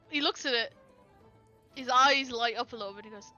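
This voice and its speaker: A woman's voice: high voice, quick pace, bright, forceful tone, faint music behind. A woman player casually describing her character's actions in a tabletop game. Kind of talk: tabletop role-play narration. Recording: slightly dull, lo-fi sound.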